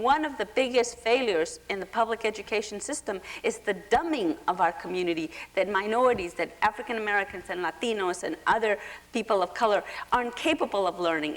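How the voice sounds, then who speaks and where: A woman speaking on a panel at a public forum, talking with passion and emphasis and often checking in with "okay?". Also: medium pitch. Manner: impassioned, emphatic, frequent "okay?". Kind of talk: panel discussion. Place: lecture hall forum.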